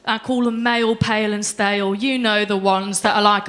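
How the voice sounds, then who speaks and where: A young woman performing a deadpan stand-up set on a comedy club stage. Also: medium pitch, moderate pace. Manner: deadpan storytelling with voiced quotes.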